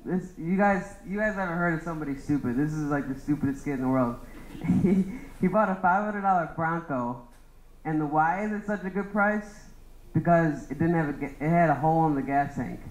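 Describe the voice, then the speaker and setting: A man's voice: fairly high pitch, fairly quick, echoey room, poor audio. A young man doing a rambling stand-up roast of his friends, laughing at his own jokes. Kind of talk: open-mic roast set.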